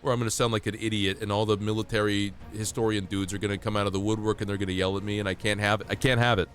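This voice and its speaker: A man streaming a game while sick with a cold, chatting in a playful, excitable way and coughing now and then. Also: on the low side, rapid-fire. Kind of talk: casual live-stream gameplay chat.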